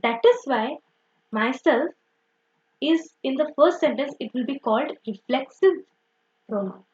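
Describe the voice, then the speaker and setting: A young woman teaching grammar, with a high, very lively voice that jumps up and down. She explains patiently, repeating herself and filling pauses with "okay" and "so." The recording sounds dull and lo-fi. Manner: repetitive, uses "okay" and "so" often, self-correcting.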